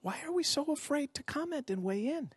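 This middle-aged man has a very high voice and speaks a little fast, with no room sound. Facing an audience of parents indoors, he gives an animated, rhetorical talk, interacting with listeners and acting out bits of dialogue.

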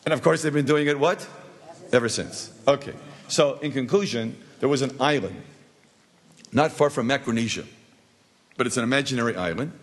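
Husky man telling a jokey teaching story. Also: medium pitch, normal speed, long pauses. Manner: asks the audience rhetorical questions; jokey, anecdotal. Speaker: rabbi teaching a class. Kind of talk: storytelling lesson.

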